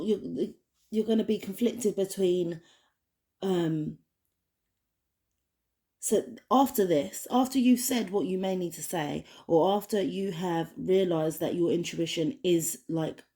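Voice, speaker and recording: A woman's voice: lowish voice, mellow. A woman giving a casual spoken oracle card reading, rambling with many restarts and fillers. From United Kingdom. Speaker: tarot card reader.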